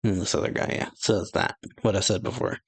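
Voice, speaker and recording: Low-voiced man reading a manga aloud. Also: steady tone, gravelly, slightly rough, no echo, poor audio. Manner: halting, with many fillers and restarts. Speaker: anime reaction host.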